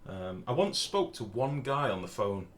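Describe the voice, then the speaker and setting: A man's voice: medium pitch, sing-song, normal speed, a little hiss or hum. An English man chatting casually while live-streaming a game, swearing freely and reading out chat messages. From England.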